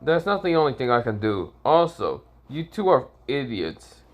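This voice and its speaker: Man doing contemptuous young ninja, cold, flat threats, swearing, fan storytelling. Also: medium pitch, moderate pace, dull audio, close to an everyday voice.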